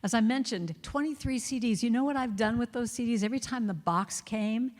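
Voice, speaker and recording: A woman giving a storytelling talk to a congregation, lively and self-mocking, acting out her inner critic's voice. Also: fairly high pitch, a little fast. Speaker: guest speaker. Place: large reverberant church hall. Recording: long hall reverb.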